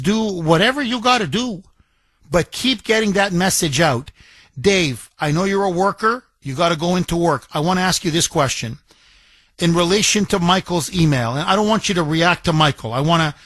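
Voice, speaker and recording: Talk radio host guy, chatty and folksy, kinda high voice, dry studio sound. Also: animated, moderate pace, a bit bright, no room sound. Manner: chatty, folksy, interrupts callers.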